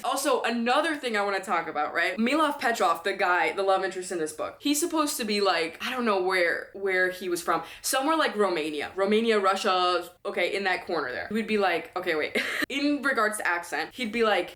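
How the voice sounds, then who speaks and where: A woman's voice: medium pitch, a bit bright. Girl in her 20s doing a chatty book review, super blunt, keeps cracking up. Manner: blunt, exasperated, laughs often while ranting. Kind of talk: casual spoken book review.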